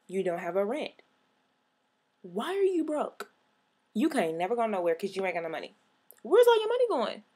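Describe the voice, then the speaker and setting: A young woman vlogger in a sassy, exasperated comic rant to camera, punching out her catchphrase. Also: on the low side.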